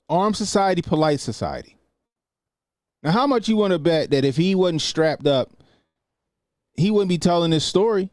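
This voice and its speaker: Male stream host, animated and profane, fairly high voice, dry studio sound. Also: normal speed, long pauses, no room sound. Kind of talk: live-stream commentary.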